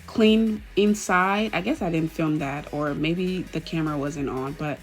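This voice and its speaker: A woman chatting casually through a home decor vlog, gushing now and then with excited cheers. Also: low voice, unhurried, faint music behind. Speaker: home vlogger.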